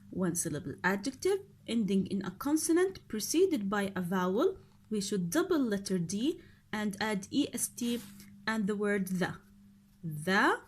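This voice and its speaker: A woman English teacher going through a grammar exercise step by step, asking pupils questions as she explains. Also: mid-range voice. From Oman. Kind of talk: recorded grammar lesson.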